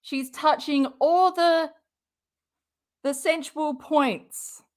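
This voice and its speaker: A woman's voice: high voice, drawn-out words. A woman hosting a casual reaction commentary, blunt and swearing freely. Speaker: reaction host.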